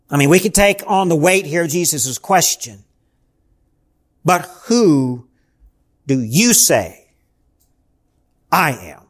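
A man preaching a Bible teaching sermon, slow and emphatic, repeating the key question with dramatic pauses. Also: high voice, fairly bright tone.

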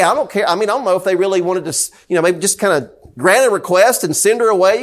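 High-voiced Southern man preaching a sermon. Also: expressive, fast, few pauses. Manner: conversational, repeats questions to the congregation. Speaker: pastor. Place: church sanctuary.

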